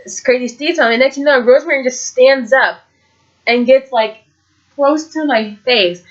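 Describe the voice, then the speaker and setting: Excitable woman telling a fan story. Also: high-pitched, moderate pace, dull audio. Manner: excitable, lots of fillers and quoted reactions. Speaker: vlog host. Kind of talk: casual storytelling.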